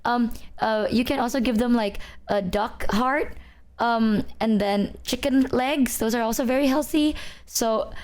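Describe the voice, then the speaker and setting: High-voiced rambling young woman streamer. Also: unhurried. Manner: rambling, animated storytelling with lots of "like" and "bro". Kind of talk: casual chat.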